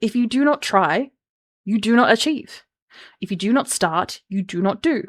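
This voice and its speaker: A woman's voice: mid-range voice, expressive, moderate pace. A woman hosting a solo podcast on personal branding, candid and chatty with frequent asides. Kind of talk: casual solo podcast talk.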